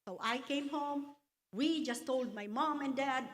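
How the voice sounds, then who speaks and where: Woman, fairly high voice, unhurried church testimony, earnest storyteller. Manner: slow, earnest storytelling with quoted scripture. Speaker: testimony speaker at church luncheon. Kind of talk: personal testimony. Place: church hall.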